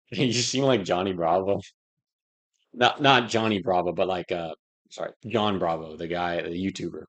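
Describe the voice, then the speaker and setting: A man's voice: deep voice, unhurried, long pauses, a bit bright. Rambling young man on a casual stream. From United States. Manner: rambling and jokey, lots of "like" and laughing. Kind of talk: casual livestream chat.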